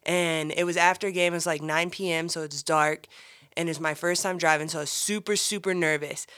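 A woman's voice: sits low, fairly even intonation, a little fast, a bit bright, smooth. A woman in casual chat, co-hosting and telling a story in a dry, teasing way. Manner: dry, teasing, laughs often.

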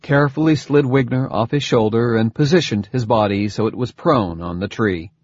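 A man narrating an audiobook in a measured storytelling manner. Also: mid-range voice, darkish tone, no room sound. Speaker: audiobook reader. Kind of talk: scripted narration. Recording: dull dry lo-fi recording.

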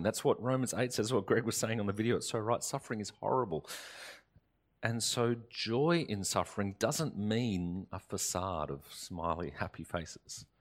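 A man preaching a sermon as pastor, earnest and emphatic, rising in force and then dropping to soft, slow phrases. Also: lowish voice. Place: church or studio, recorded for online service.

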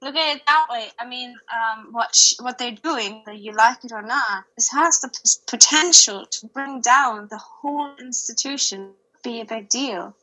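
Earnest, bright-voiced woman. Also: fairly high pitch, moderate pace, few pauses, poor audio. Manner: earnest and hedging, with many fillers. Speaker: podcast co-host. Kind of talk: casual podcast chat.

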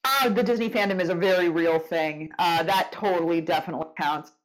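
A woman's voice: lowish voice, brisk, poor audio. A woman hosting a casual podcast interview over a call, teasing her guest and reading questions from the chat. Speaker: podcast host.

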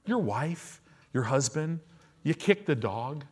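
Animated preacher man. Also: a little high, takes it slowly, husky. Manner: animated, conversational, acts out people's reactions; asks the listeners questions. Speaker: pastor. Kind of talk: sermon.

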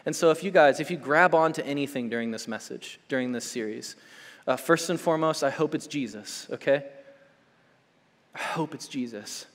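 A young adult male pastor preaching a sermon, swinging between loud urgent build-ups and hushed soft passages, checking in with "okay?" and "right?". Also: on the high side, fairly quick, big-room sound. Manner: conversational, with frequent "okay?" and "right?" check-ins.

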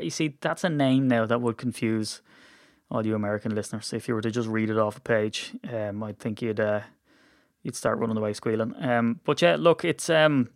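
A man's voice: mid-range voice, fairly bright tone, dry recording, studio quality. A man with an Irish accent hosting a casual sports podcast, rambling and self-deprecating with lots of fillers. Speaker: podcast host. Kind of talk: casual chat.

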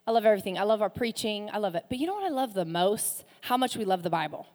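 Animated woman pastor in a reverberant hall. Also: mid-range voice, fast. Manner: animated, joking asides, repeats phrases. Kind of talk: sermon. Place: church sanctuary.

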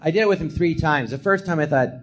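On a podcast recorded in a live theatre, a male comedian with a slightly high voice talks fast, with a little hiss or hum in the audio. He rambles loosely through stories in a casual chat, laughing often and performing quotes.

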